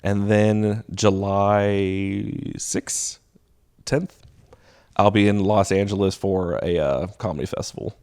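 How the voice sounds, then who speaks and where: Young adult male stand-up, relaxed podcast guest, lowish voice, animated storyteller who plays out other people's lines. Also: takes it slowly, smooth. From Texas. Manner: animated, laughs while telling stories, acts out quoted voices. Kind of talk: casual storytelling chat.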